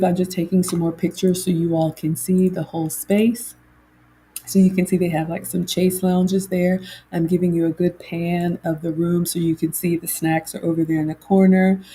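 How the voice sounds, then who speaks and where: A woman's voice: lowish voice, warm tone, breathy edge. A middle-aged woman hosts a chatty livestream and reads viewer comments aloud. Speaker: host. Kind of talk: casual livestream chat.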